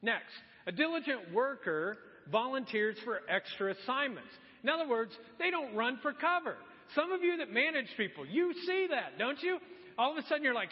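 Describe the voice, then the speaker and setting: A man preaching a sermon as pastor, talking to the congregation in a lively, conversational way and acting out quotes. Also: very high voice, a little fast. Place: church sanctuary. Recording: muffled sound with long hall reverb.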